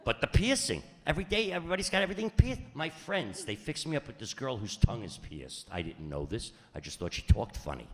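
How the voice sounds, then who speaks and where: A middle-aged man doing stand-up comedy, his pitch swinging widely as he pushes each punchline. His delivery is brash and punchy, with mock-exasperated asides. The voice rings through a large reverberant hall over a clear bed of room noise. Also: sing-song, fast talker, hardly any pauses.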